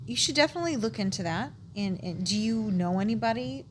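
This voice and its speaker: A woman's voice: a little high, lively intonation, fast talker, background noise. A woman co-hosting a podcast, chatting casually in a supportive, encouraging way. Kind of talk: casual chat.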